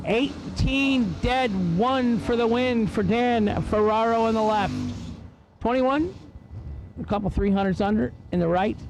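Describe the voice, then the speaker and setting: High-voiced man calling drag races. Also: measured pace. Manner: rattles off lanes and times, then wisecracks. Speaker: drag race announcer. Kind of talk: race-call commentary with joking asides. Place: drag strip. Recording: loud race-car noise behind. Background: cars and engines at the track.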